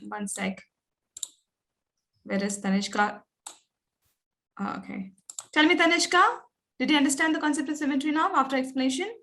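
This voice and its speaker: A woman's voice: high voice, normal speed, long pauses, fairly bright tone. A woman teacher, patiently coaxing pupils in an online class, with many fillers and "okay"s.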